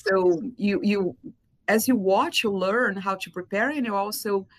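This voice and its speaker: A woman's voice: medium pitch, expressive, unhurried, poor audio. A woman guest in a casual chat over a video call, talking hesitantly with ums and restarts and laughing easily.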